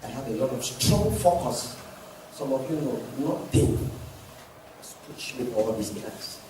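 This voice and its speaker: A man, a pastor, preaching a sermon with emphatic repeated questions that rise into shouts. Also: mid-range voice, very animated, unhurried. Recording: very echoey hall, from far off, faint noise.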